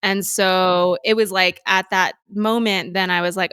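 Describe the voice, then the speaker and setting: A woman's voice: fairly low pitch, little pitch movement, measured pace, hardly any pauses, fairly bright tone, smooth, no echo. Candid laughing woman, dry close sound. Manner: candid, laughs often, loose and swearing. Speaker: podcast host. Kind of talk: casual reflective chat.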